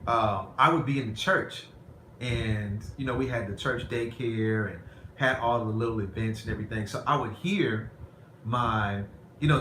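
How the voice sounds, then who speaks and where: A man's voice: on the low side, fairly bright tone. A man vlogging, telling a personal story in a candid, rambling, conversational way. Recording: roomy echo, faint background noise.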